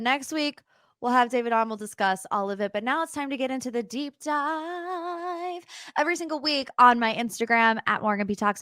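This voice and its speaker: A woman's voice: fairly high pitch, a bit bright, dry recording, studio quality. A young adult woman hosting a casual pop-culture podcast, chatty and opinionated, with sarcastic asides. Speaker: podcast host.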